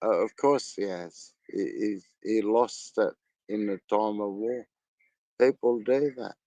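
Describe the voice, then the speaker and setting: A man in casual bar chat, speaking haltingly and swearing casually. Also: fairly low pitch, dark tone, dry recording.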